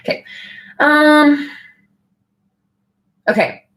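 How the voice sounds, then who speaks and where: A woman's voice: high-pitched, very slow, a bit bright. A young woman hosting a casual live stream, answering viewer questions in a chatty, frank way with casual swearing.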